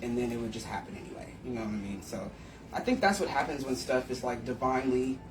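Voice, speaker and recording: A woman hosting a live stream, telling stories in a blunt, profane, animated way. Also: extremely low pitch, fast talker, background noise. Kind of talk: casual live-stream storytelling. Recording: echoey room, distant from mic.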